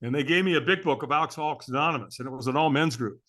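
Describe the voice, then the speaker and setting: Male guest telling a candid personal story; bright, slightly high voice, earnest delivery. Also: very fast. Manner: earnest, candid, often adds "man".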